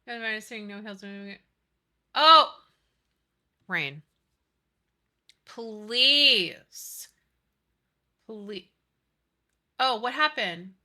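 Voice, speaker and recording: A woman streamer with a very bright, high-ish voice, chatting with her viewers at an unhurried pace. She rants freely and swears a lot, reading chat aloud as she builds. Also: expressive. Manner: chatty, profane, ranting, reads chat aloud. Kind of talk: casual live-stream chat while building.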